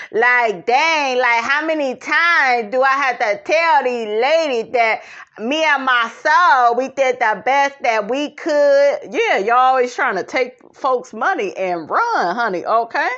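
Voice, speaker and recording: A woman's voice: sits high, slow pace, muffled recording. A woman giving a sassy, casual gossip recap of a reality show, peppering her talk with "honey" and pointed asides. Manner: sassy, calls listeners honey, lively asides.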